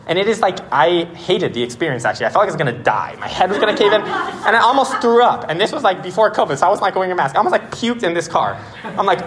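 Animated young man preaching casually. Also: high-pitched, fast, slight background noise. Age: 20s. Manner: animated storytelling, many "like"s. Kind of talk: casual sermon.

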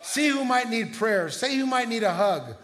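A middle-aged man preaching a sermon as pastor, telling stories in a conversational way with quick restarts. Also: very high voice, big pitch swings, a bit bright.

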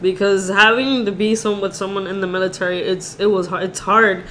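A woman guesting on a casual podcast, gushing and excitable, laughing easily. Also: mid-range voice, brisk, a little hiss or hum.

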